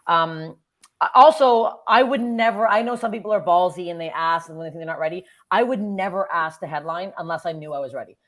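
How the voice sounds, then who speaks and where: Canadian woman comedian, thirties, blunt cursing storyteller, rattles along fast. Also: on the low side. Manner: profane, blunt, animated storytelling. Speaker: comedian guest. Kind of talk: casual podcast storytelling.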